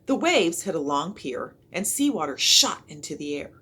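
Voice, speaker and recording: A woman reading a children's chapter book aloud in an expressive storytelling manner. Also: low voice, normal speed, husky. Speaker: reader.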